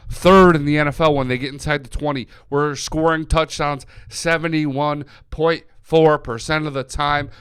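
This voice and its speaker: Young guy hosting a sports stream, hyped, swears constantly, clean smooth voice, dry close sound. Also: on the high side, dry recording. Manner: excitable, swears a lot, rattles off stats. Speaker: sports podcast host. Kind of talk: solo sports talk livestream.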